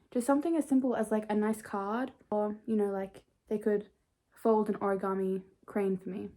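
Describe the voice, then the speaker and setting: A woman's voice: medium pitch, mellow. A young woman in a casual bedtime vlog, chatting playfully and poking fun at herself. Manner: chatty, playful, self-mocking. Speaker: vlogger. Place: bedroom at home.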